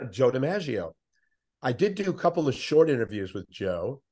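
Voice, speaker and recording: An older man, a veteran sports interviewer, telling animated anecdotes as a podcast guest. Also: mid-range voice, moderate pace. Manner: animated anecdotes, puts on voices of others. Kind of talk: conversational storytelling.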